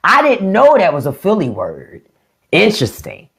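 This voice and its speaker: This podcast host, a middle-aged woman with a DC-area accent, speaks at normal speed in a gravelly voice on the low side. On her casual live stream she's blunt, animated and heavily profane, recorded on a phone or desk mic.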